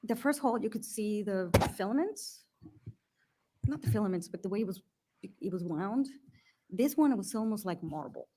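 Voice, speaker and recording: A woman's voice: medium pitch, lively intonation, normal speed, heavy background noise. A woman testifying at a hearing as a witness, speaking hesitantly with many fillers and restarts.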